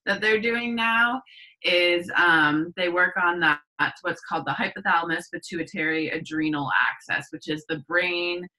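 A woman's voice: fairly low pitch, normal speed, bright, forceful tone, rough recording. A woman guest on a casual podcast, explaining things step by step, with frequent fillers and self-corrections. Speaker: podcast guest, herbal medicine practitioner.

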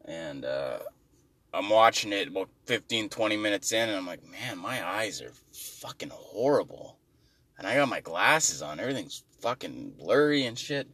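Deep-voiced man on a profane rant. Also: very animated, moderate pace, bright, forceful tone, no room sound, recorded from a distance. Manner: rambling, profane, exasperated. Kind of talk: comic rant.

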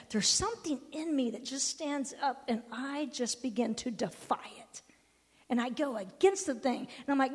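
A woman's voice: high-pitched, lively intonation, normal speed. A woman pastor preaching a sermon in a conversational, emphatic way. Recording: long hall reverb.

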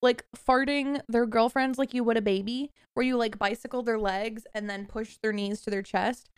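Laughing, higher-voiced woman telling stories. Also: steady tone, normal speed, clear, resonant tone, dry recording, clean studio sound. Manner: laughing, self-deprecating storytelling with swearing. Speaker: podcast co-host. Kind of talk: casual chat among friends. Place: lives in a cold snowy area, recording remotely.

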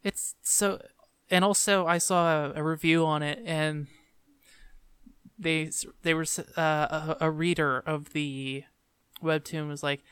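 Smooth-voiced man ranting on a podcast. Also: on the high side, steady tone, measured pace, a bit bright, no room sound, clean studio sound. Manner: ranting, exasperated complaining. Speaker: podcast co-host. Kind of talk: casual chat.

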